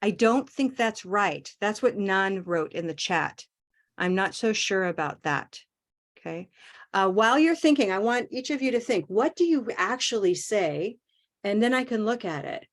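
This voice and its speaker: A woman's voice: medium pitch, lively intonation. Encouraging woman teaching English pronunciation. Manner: encouraging, models phrases slowly and clearly. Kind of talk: online class coaching. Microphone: video call.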